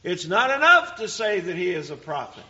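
A man preaching a sermon, teaching deliberately and emphatically and asking rhetorical questions. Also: high voice, big pitch swings, sharp tone. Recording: dull lo-fi recording.

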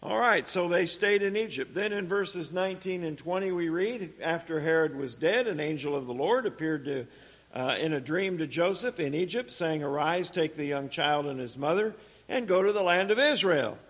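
A man teaching a Bible study sermon, speaking deliberately with "uh" pauses and rhetorical questions. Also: on the high side, lively intonation, a bit bright, muffled recording.

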